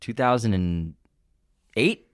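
A man's voice: on the low side, lively intonation, slow pace, clear, resonant tone. A man co-hosting a movie podcast, chatting casually, running a quiz and laughing often. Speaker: podcast co-host.

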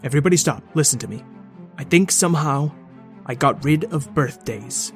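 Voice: medium pitch, expressive, moderate pace, soft background music, lightly acted. A storyteller voicing an earnest, clever boy pleading to be taken seriously.

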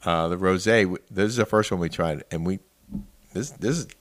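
A man's voice: low voice, moderate pace. A man co-hosting a casual daily chat show, talking easily and reading sponsor plugs. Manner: chatty, reads sponsor ads, laughs often. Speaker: co-host.

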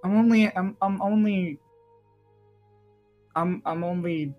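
A man's voice: high voice, steady tone, slow pace, phone-quality sound, soft background music, pitched above the performer's own voice. A man voicing a flustered young male elf first mate who stammers and gets defensive.

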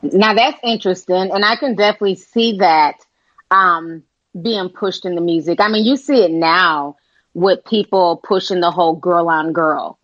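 A woman's voice: on the low side, moderate pace, fairly bright tone, no echo, muffled recording. Chatty woman hosting a call-in stream. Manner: chatty, calls listeners honey. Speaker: live stream host. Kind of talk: casual live call-in chat.

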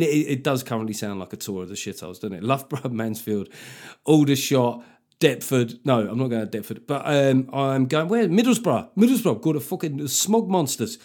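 Male comedian host, mid-pitched voice, sardonic rambling monologue, swears freely. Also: moderate pace, a little mellow. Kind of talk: solo comedic podcast monologue.

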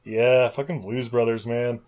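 A man's voice: medium pitch, fairly even intonation, measured pace, a crowd in the background. A man casually recapping a film on a podcast, rambling and swearing, often laughing as he acts out scenes. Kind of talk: casual chat.

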